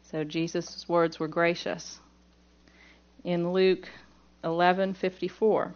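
A woman's voice: on the low side, steady tone, measured pace, highs cut off. A woman from Pittsburgh teaching a Bible lesson, reading scripture aloud and then explaining it plainly point by point.

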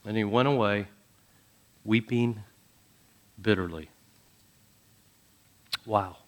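A man preaching a sermon, dramatic, dropping to soft low phrases and then rising to loud emphatic ones. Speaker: pastor.

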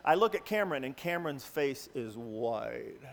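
Pastor, male, high voice, animated sermon storyteller, reverberant church hall. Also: moderate pace. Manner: animated, acts out quoted voices.

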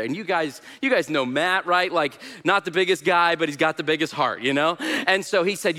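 Energetic preacher in a reverberant church. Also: male voice, a little high, moderate pace, hardly any pauses. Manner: energetic, humorous storytelling, later earnest. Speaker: guest minister. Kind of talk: sermon. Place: church sanctuary. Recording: echoey church hall.

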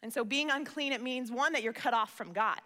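A woman preaches in a high, bright voice that carries through a reverberant hall. She talks earnestly and conversationally, often doubling words as she begins a thought. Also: a little fast. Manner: earnest, conversational, repeats words when starting phrases. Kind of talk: sermon.

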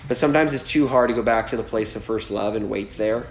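A man's voice: fairly low pitch, quick pace, echoey room, slight background noise. A man pastor preaching a sermon in a conversational style, often tossing in "right?" and "like" as asides. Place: church gathering.

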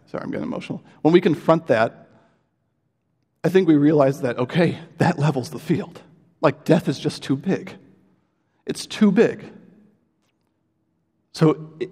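Heard through long hall reverb, an American pastor preaches earnestly and conversationally, stumbling into frequent fillers and restarts. His voice is a little high, mellow, and slightly rough.

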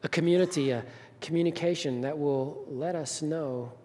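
A man preaching a sermon as pastor, telling a story with emphatic rises and soft drops. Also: on the high side, normal speed. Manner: storytelling, rising to emphatic peaks then dropping soft. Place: church sanctuary. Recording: reverberant hall.

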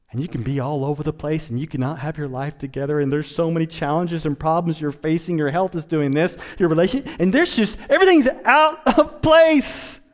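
A man delivering a sermon as a pastor, dropping to quiet asides and rising to loud, emphatic points. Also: in a large hall. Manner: swells from low, quiet asides to high, emphatic preaching.

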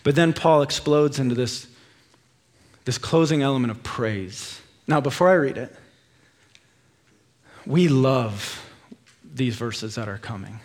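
A man's voice: mid-range voice, lively intonation, slow, long pauses. A man in his thirties preaching a sermon in a church, impassioned and rising to fervent peaks. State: out of breath. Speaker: pastor. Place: church sanctuary.

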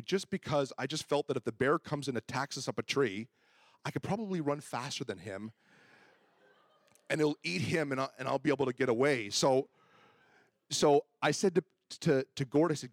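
Dry-voiced pastor telling a story. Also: male voice, medium pitch, fairly quick, dry recording. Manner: animated, acts out his own quoted lines. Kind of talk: storytelling sermon.

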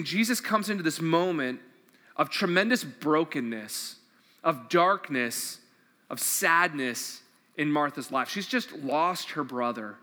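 A man's voice: on the high side, bright, forceful tone, in a large hall. A man preaching a sermon in an earnest, conversational way, often repeating questions to his listeners. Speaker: pastor.

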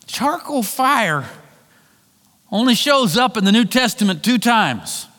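A man preaching a sermon, retelling a story and acting out the voices in it, shifting between loud and hushed delivery. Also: sits high, animated, moderate pace. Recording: long hall reverb.

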